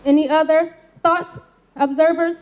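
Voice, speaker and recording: The recording is muffled as a woman with a high-pitched, fairly even voice addresses a live crowd from a stage, unhurried. Talking about mental health in a homey, colloquial way, she draws the audience into call-and-response and keeps asking "right?"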